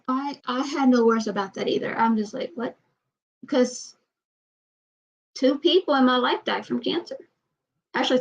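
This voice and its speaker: A vlogger with a slightly high voice talks to the camera about personal matters in a loose, halting way, often restarting and letting sentences trail off. The recording sounds dull and lo-fi.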